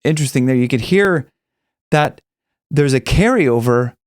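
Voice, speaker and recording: A man teaching singing, explaining casually and breaking into high sung examples. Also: lively intonation, moderate pace, no room sound. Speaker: vocal coach. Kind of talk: singing lesson with demonstrations.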